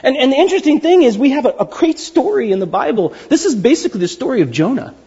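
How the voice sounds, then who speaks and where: Lively, high-voiced joking pastor. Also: male voice, fast talker, vocal fry, breathy edge, in a large hall, highs cut off. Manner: animated storyteller who acts out quotes with jokes. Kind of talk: casual sermon.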